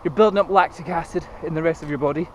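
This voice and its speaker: Talking very fast in a fairly high voice, a running vlogger in his thirties films himself jogging on paths near a city. He's slightly breathless and rambling in casual chat, with planes overhead and traffic noise around him.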